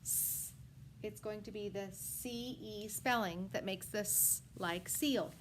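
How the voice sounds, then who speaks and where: Woman primary teacher for a phonics lesson, very slow and careful, with faint background hiss. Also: mid-range voice. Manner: slow, sound-by-sound enunciation with frequent praise. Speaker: first grade teacher. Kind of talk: phonics lesson for young children.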